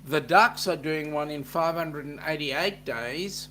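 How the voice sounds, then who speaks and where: A man's voice: on the high side, measured pace, pushed and bright, slight background noise. A man with an Australian accent co-hosting a casual livestream chat, reading out viewer comments with a joking, teasing manner.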